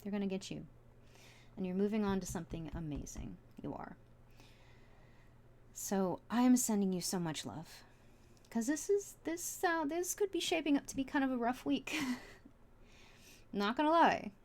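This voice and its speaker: A woman's voice: medium pitch, animated, normal speed, long pauses. Earnest chatty woman reading tarot. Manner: chatty, earnest, full of fillers and restarts; soft and heartfelt, at times emotional. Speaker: tarot reader. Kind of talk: casual tarot reading to camera.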